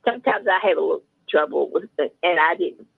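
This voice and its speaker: A woman's voice: on the low side, expressive, quick pace, creaky, slightly rough, dry recording. An older woman telling rambling personal stories in casual chat, acting out the dialogue as she goes. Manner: chatty, rambling, acts out dialogue. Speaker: open mic storyteller, regular guest. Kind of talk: casual storytelling. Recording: tinny phone line.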